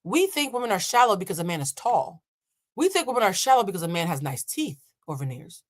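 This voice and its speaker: A woman's voice: medium pitch, brisk. A woman in her thirties, an emotional intelligence coach, telling a story in a blunt, profane way and acting out the people in it. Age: 30s. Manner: animated, blunt and profane, acts out quoted voices. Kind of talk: storytelling reaction commentary.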